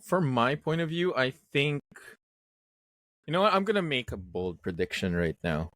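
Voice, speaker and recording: A man's voice: mid-range voice, sing-song, normal speed, fairly bright tone, dry recording. Man making bold, emphatic predictions. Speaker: podcast co-host. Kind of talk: casual chat.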